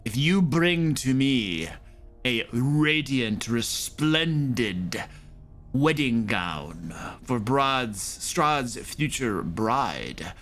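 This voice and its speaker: A man's voice: medium pitch, sing-song, extremely slow, fairly bright tone, soft background music, heavily acted. A man voicing a stern, pompous abbot of a holy order in a tabletop game, speaking in a lofty, preachy way. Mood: haughty. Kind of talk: tabletop role-play.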